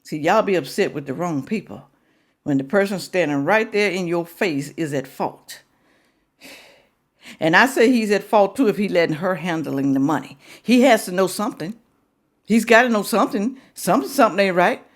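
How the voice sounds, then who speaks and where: A woman's voice: lowish voice, animated, normal speed. A woman hosting a reaction video who lectures and scolds, repeating her points for emphasis. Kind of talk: reaction commentary.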